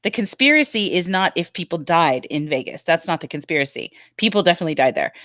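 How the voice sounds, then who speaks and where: A woman hosting a casual panel chat over a video call, enthusiastic and quick to agree. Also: fairly low pitch, lively intonation, fairly bright tone, dry recording, studio quality. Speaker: panel host.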